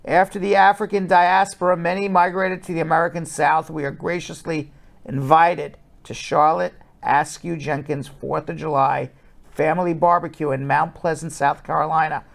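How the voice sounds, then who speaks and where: Male narrator, high-pitched, gravelly, measured voice-over. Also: steady tone. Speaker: show reporter.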